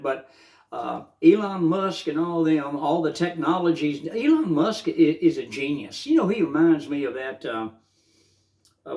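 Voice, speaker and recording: An older man with a drawl talks straight to the camera in a loose, rambling morning monologue. He gets fervent and stacks up filler uhs and restarts. His voice sits a little high for a man. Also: darkish tone. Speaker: vlogger.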